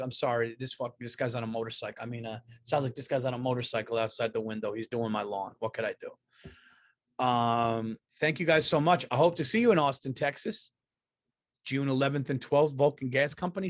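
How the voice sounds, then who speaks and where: Brisk and mid-range, this man's voice comes through with studio quality and no room sound. He's a stand-up comedian in his thirties hosting his own casual podcast, rambling profanely with allergy congestion.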